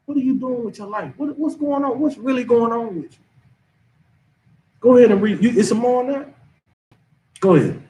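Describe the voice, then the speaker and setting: A man's voice: very high-pitched, animated, moderate pace, long pauses, mellow, far from the mic, a little hiss or hum. A man leading a scripture class, talking in an emphatic, casual preaching manner. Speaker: class teacher.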